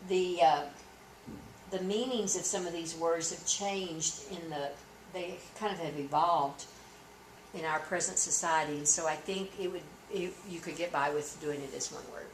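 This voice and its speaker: A lower-voiced woman reads practice testimony aloud, saying each comma and period, and stops to explain formatting choices. She is recorded in an echoey room with a faint hum behind her. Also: fairly even intonation. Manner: measured dictation, then explaining points. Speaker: court reporting instructor. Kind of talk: dictation lesson with punctuation spoken aloud.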